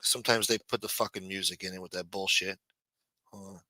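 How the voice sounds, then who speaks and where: A man co-hosting a casual livestream chat, his voice fairly low yet bright, with profane, offhand asides. The sound is dry and close-miked. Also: fairly even intonation, fairly quick, no room sound, low-quality recording. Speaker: co-host.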